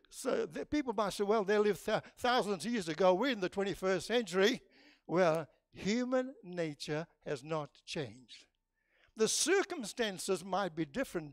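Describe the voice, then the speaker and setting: A male preacher delivering a sermon, swinging from loud, high bursts down to low, quiet asides. He often restarts his phrases mid-thought. The sound is dry and close, with little room echo. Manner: emphatic, animated, with frequent restarts. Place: church.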